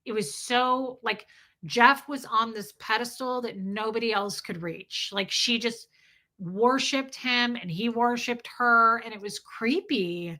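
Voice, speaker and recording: A woman's voice: fairly high pitch, unhurried, pushed and bright. A middle-aged woman hosting a casual livestream, chatting bluntly, swearing freely and reading viewer comments aloud. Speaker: livestream host.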